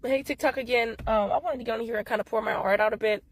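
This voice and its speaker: Hoarse, weary young woman talking to camera. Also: fairly high pitch, quick pace, a little hiss or hum. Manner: weary, rambling, repetitive, exasperated. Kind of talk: casual social media vlog.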